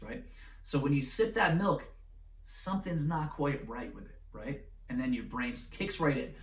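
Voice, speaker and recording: An animated male teacher lecturing a class, constantly checking in with his listeners. His mid-pitched voice sounds roomy and echoey, picked up from a little distance off the mic. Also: normal speed. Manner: animated, acts out scenarios with voices, keeps asking "right?".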